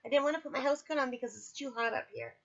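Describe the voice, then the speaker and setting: Woman vlogger, fairly high voice, chatty and candid, recovering and sore, dull lo-fi home audio. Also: racing, vocal fry. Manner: chatty, candid, apologetic asides. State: recovering from surgery, in pain. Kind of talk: casual personal video diary. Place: at home, indoors.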